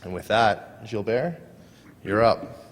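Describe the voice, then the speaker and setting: A man's voice: on the low side, expressive, slow pace, slight background noise. A man giving an earnest conference presentation, sometimes trailing off and restarting his sentences. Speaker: conference speaker. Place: conference hall. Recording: long hall reverb.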